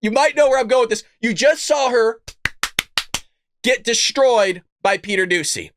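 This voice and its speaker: A man hosting a political commentary livestream, mocking and excitable, often laughing and cursing in disbelief. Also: very high-pitched, moderate pace, dry recording, clean studio sound. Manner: mocking, excitable, repeats lines. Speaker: show host.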